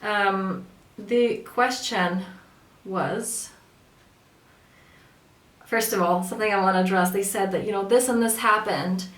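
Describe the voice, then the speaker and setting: A woman's voice: medium pitch, steady tone, takes it slowly, long pauses, fairly bright tone. Woman giving spiritual coaching talk, earnest and chatty, roomy echo, mic kinda far off. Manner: conversational, earnest, acts out quoted voices. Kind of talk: casual spoken coaching talk. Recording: echoey room, mic at a distance.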